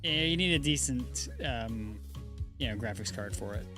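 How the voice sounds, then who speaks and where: A man's voice: medium pitch, animated. Male podcast host over music. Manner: quick interjections, finishes the other's sentences. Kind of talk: casual chat.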